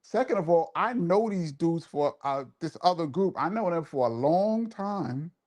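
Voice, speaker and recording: A man's voice: a little high, lively intonation, moderate pace, darkish tone. A man hosting a live show and telling a laid-back, laughing story in casual street slang. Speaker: host and DJ.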